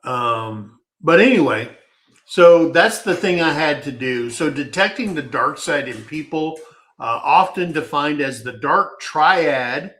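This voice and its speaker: A man talks slowly and unhurriedly, letting a personal story wander in a folksy, rambling way. His voice is bright and forward, and he often trips over his words and starts a sentence again. It feels like relaxed podcast chat rather than scripted delivery. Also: fairly high pitch. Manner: rambling, folksy, halting with restarts.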